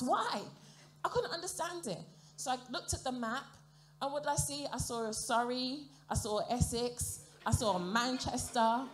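A woman works a theatre crowd through a stand-up set. Her voice sits a little high and her delivery stays playful and chatty, full of questions thrown at the audience. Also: a little hiss or hum. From African heritage, grew up in Britain. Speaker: stand-up comedian. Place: theatre stage before a live audience.

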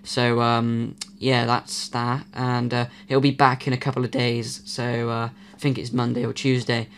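A man's voice: medium pitch, monotone, a little slow, a little hiss or hum. A man hosting his own channel, talking casually and rambling with many fillers while he loses his voice. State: losing his voice. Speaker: YouTube channel host. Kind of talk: casual vlog announcement.

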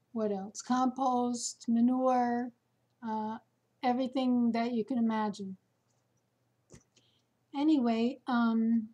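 A woman chatting casually to her viewers, telling a story slowly with many fillers. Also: fairly high pitch, a little mellow. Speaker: vlogger. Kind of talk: casual chat to camera.

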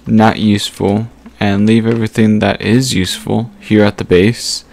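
Sorting through items as he plays, this gaming channel host thinks aloud in a casual way, pausing often and using lots of fillers. He has a fairly low, gravelly voice that is a little mellow.

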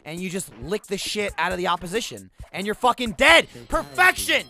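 Male gameplay commentator, high and lively, swears nonstop, sarcastic, yells at the game. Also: fairly quick, faint music behind. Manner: sarcastic, excitable, swears constantly, erupts into shouts. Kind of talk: profane comedic gameplay commentary.

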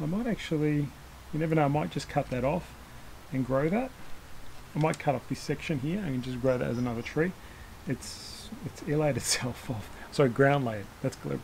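A man's voice: on the high side, gravelly, a little mellow, a little hiss or hum, rough recording. A man hosting a bonsai channel, talking casually through a hands-on demonstration, rambling and correcting himself with small chuckles as he works. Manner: rambling, self-correcting, chuckles while working.

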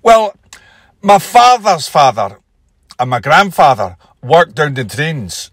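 A man doing an impression of a comedian, telling rambling anecdotes with deadpan punchlines. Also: fairly high pitch, slow, dry recording, exaggerated voice. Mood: storytelling. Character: comedian from Glasgow impression, man, easygoing storyteller. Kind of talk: comic impression interview.

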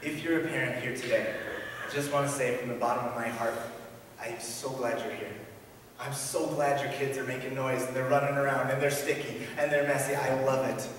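A man preaching a sermon as pastor, earnest and emphatic, repeating key phrases and swinging between loud and hushed delivery. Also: mid-range voice, steady tone, fairly quick. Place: church sanctuary. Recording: echoey church hall from far off, faint room noise.

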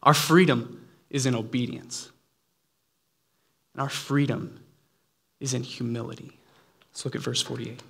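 A man preaches a sermon with an earnest, conversational tone. His voice sits at an ordinary middle pitch, and he drifts easily into playful asides before he settles back into a serious point. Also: steady tone, a little slow, gravelly, long pauses, slightly rough.

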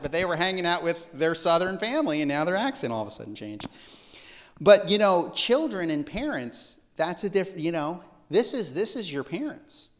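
A man delivering a sermon at a church service in an easygoing, chatty way. He jokes with the congregation and often restarts his sentences. His voice sits a little high for a man. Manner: casual, joking asides, frequent restarts. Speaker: pastor. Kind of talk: conversational sermon.

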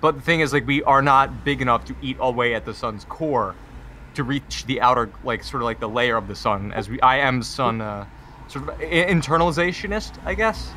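Young man, bright forceful tone, trolling banter, absurd mock-serious rambling, online voice chat, faint background hiss. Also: medium pitch, a little fast. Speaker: voice chat participant.

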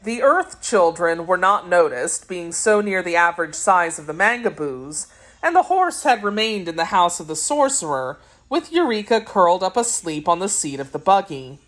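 A woman reading a children's storybook aloud as an audiobook narrator, with expressive delivery. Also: fairly low pitch, normal speed. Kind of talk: scripted narration.

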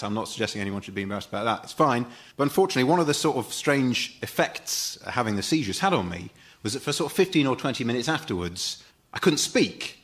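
Male panel guest, mid-range voice, dry deadpan storyteller. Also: medium pitch. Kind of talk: telling an anecdote on a comedy panel. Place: TV studio.

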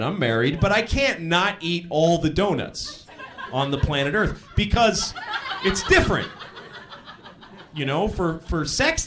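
Male stand-up, thirties, slightly high voice, dry self-mocking delivery, handheld mic in a live club. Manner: deadpan, self-mocking, profane. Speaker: stand-up comedian. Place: comedy club stage with audience. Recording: live club recording with crowd laughter.

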